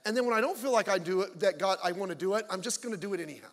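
A man's voice: high-pitched, expressive, very fast, fairly bright tone. A man pastor preaching a sermon to his congregation, blunt and joking, with mocking asides. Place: church sanctuary. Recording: long church hall reverb.

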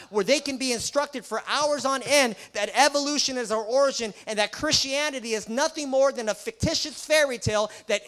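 A man's voice: extremely high pitch, fairly bright tone. A man who is a Christian school principal, preaching an emphatic sermon full of rhetorical questions and sarcastic asides.

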